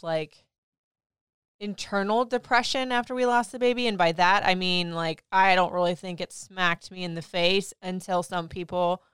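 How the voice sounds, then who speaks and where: A woman in her thirties talks candidly and with plenty of laughter. Her voice sits a little low and is very smooth and clean. It is recorded dry and close, with no room sound. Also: no echo. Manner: candid, laughing, lively storytelling. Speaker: podcast host. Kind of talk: casual personal chat.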